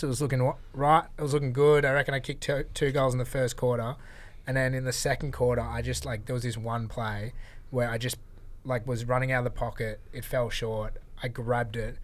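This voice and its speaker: An Australian man, a podcast guest, telling stories in casual chat with frequent laughs. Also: mid-range voice. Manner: animated storyteller, laughs often.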